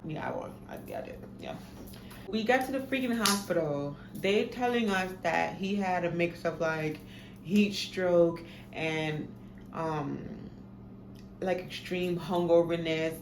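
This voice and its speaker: A woman's voice: on the low side, a little slow. Young woman, echoey. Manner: animated, profane, dramatic retelling. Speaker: storytime vlogger. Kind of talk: casual storytime. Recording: echoey room, faint background noise.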